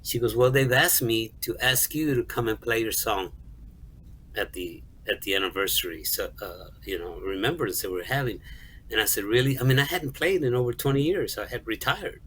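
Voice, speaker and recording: A middle-aged man, a songwriter and music store manager, tells a personal story in an interview in an earnest, halting way, repeating words and acting out the dialogue he quotes. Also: mid-range voice, expressive, fairly bright tone, slight background noise, rough recording.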